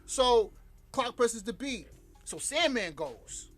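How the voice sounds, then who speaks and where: An animated man telling stories as a podcast guest, his voice leaping high and low with a bright, sharp edge. He talks in a lively, excitable way. Music plays behind him. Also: slow pace. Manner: animated, laughing, voice jumps high when excited. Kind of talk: animated storytelling chat.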